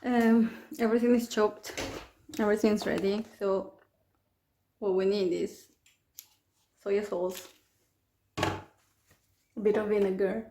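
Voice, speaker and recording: A woman's voice: mid-range voice, level tone, slow pace, pauses often, echoey room, background noise. A woman, chatting her way through a home cooking tutorial with rambling asides and restarts. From Peru. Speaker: home cook vlogger. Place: home kitchen.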